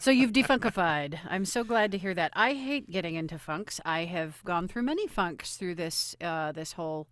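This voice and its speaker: A woman's voice: fairly low pitch, expressive, normal speed, few pauses, fairly bright tone, dry recording. A woman co-hosting a podcast in casual chat, chatty and encouraging with a rambling flow. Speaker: podcast co-host.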